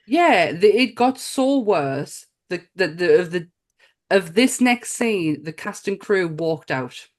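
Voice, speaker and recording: A woman's voice: fairly low pitch, lively intonation, takes it slowly, darkish tone. A woman co-hosting a casual film review podcast, blunt and giggly, and she swears freely. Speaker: podcast co-host.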